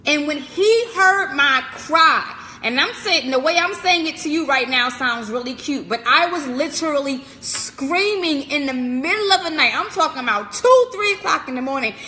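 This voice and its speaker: A woman's voice: high-pitched, lively intonation, moderate pace, few pauses, pushed and bright, in a large hall, slight background noise. A woman speaker giving a live-streamed inspirational message, preaching emphatically with repetition and direct address to the listener. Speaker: motivational speaker.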